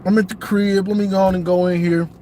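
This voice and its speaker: Very high-voiced man ranting in his car. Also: level tone, fast talker, warm tone, slight background noise. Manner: emphatic, repeats himself, drawling. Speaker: sports commentator vlogger. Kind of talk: casual car livestream rant. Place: inside a car.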